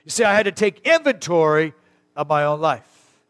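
A middle-aged male pastor from Arizona delivers a sermon in a chatty, animated way, jumping into loud, high bursts of emphasis. His voice sits a little high for a man. The sound carries the long reverb of a large hall. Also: moderate pace. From Arizona, USA.

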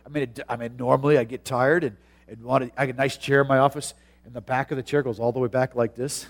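A pastor preaching a sermon, moving from a chatty, personal tone into loud, drawn-out emphasis. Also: male voice, medium pitch, fairly even intonation.

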